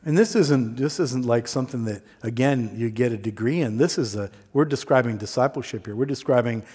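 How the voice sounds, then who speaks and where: A man preaching a sermon, telling a story with lively quoted voices and plain talk. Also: mid-range voice, a little fast, husky. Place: church sanctuary. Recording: long hall reverb.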